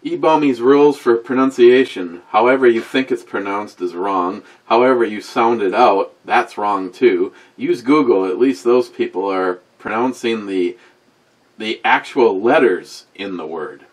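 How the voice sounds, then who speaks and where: A wisecracking man in his sixties with a fairly low voice hosts a beer review in loose, rambling chat to camera. He swears freely, wanders off topic and trades jabs with his voice assistant. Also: unhurried. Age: 60s. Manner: talks back to a voice assistant.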